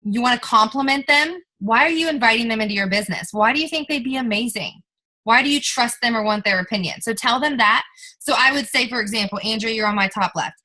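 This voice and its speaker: Young woman team leader, peppy pep-talk coach on a video call, bright and slightly high. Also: fast talker, poor audio. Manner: upbeat, coaxing, role-plays scripted pitches to friends. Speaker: network marketing team leader. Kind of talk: motivational sales coaching on a group video call.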